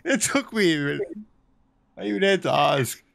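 A man with an Australian accent, swearing and teasing excitedly in casual gaming voice chat. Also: sits high, moderate pace, vocal fry, no echo, studio quality. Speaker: gamer in voice chat.

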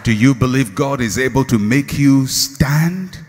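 A male pastor preaching a sermon, swinging from shouted lines to hushed, slow refrains. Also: mid-range voice. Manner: slow, drawn-out repeated refrains. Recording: long hall reverb.

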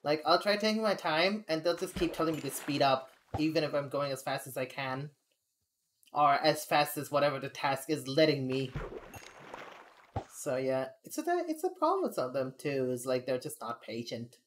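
A woman's voice: sits low, animated, moderate pace, slight background noise. A young adult woman streaming, chatting casually and venting candidly, rambling with frequent laughs. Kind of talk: casual live-stream chat.

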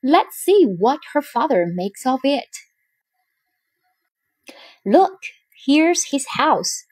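A woman's voice: high voice, very animated, drawn-out words, darkish tone, no room sound, pitched above the performer's own voice, exaggerated voice. A woman voicing a bitter, scheming old male soldier in a storybook reading, speaking slyly. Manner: sly, scowling.

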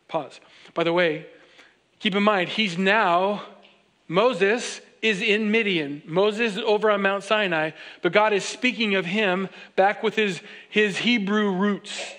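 A man preaching a sermon, reading scripture aloud and breaking into joking, animated asides where he acts out the characters. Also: sits high, measured pace. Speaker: pastor. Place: church sanctuary.

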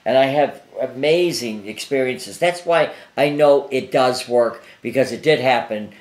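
A man's voice: mid-range voice, a little slow, hardly any pauses, roomy sound. An older man, a psychic guest, telling anecdotes in a rambling, casual way full of fillers and restarts, interviewed in his apartment.

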